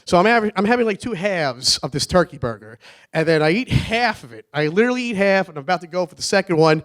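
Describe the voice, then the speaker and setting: A man's voice: high voice, lively intonation, fast, a bit bright. A man giving a rambling, nervous wedding toast for his brother, laughing often. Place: wedding reception.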